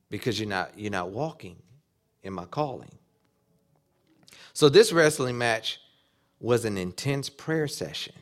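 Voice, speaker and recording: Man preaching an animated sermon. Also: medium pitch, a little slow. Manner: animated preaching, acting out quoted dialogue. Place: church or conference hall.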